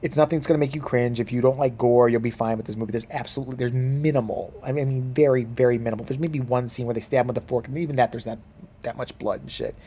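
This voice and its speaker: A man giving a casual spoken movie review, rambling and profane, with lots of fillers and quick mimicked quotes. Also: mid-range voice, fairly even intonation, dark tone, slight background noise.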